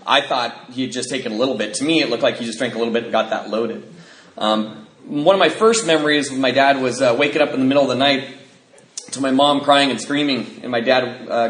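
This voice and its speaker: Man telling his story in an echoey hall. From United States. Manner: animated storytelling, acting out family members with big pitch jumps. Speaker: AA convention speaker. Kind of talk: recovery talk sharing his story. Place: convention hall.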